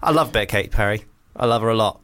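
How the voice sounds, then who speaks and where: A man's voice: lowish voice, rapid-fire, sharp tone. A man hosting a radio show, chatting casually and telling rambling, self-mocking stories.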